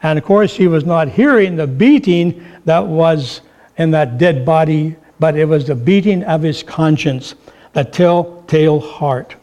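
Man, preacher, high voice, sermon, storytelling. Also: a little slow, a little mellow. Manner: storytelling, acting out quoted voices.

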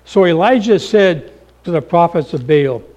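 A middle-aged male pastor preaching a sermon, dramatic, acting out voices and swinging between loud calls and hushed lines, calling the listeners folks. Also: on the high side, animated, moderate pace. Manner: addresses the congregation as folks.

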